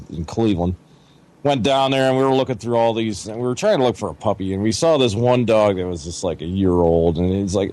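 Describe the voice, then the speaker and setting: Middle aged dude rambling a cussy story on a podcast, lots of you knows. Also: male voice, fairly low pitch, darkish tone. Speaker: podcast co-host. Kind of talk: casual chat.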